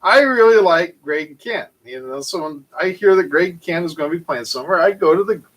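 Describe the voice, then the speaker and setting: A man casually telling a long, animated story full of fillers and restarts. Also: on the high side, fairly quick, rough recording. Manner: animated, rambling anecdote with frequent fillers. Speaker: channel host.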